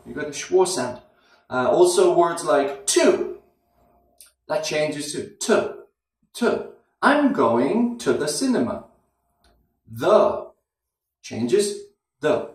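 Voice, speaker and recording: A man with a slightly high voice gives an English pronunciation lesson and breaks words down one at a time. He speaks very slowly and deliberately. He is recorded somewhat away from the mic, in a room with a strong echo. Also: recorded from a distance. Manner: repeats words slowly, demonstrating sounds. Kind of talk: slow, deliberate teaching.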